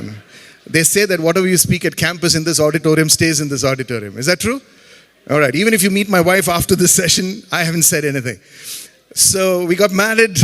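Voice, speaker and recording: A man's voice: on the high side, fairly bright tone. A middle-aged man from Chennai with an Indian English accent, giving a humorous, faith-based talk as a guest speaker and tossing jokey asides to the audience. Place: campus auditorium. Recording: long hall reverb in an auditorium.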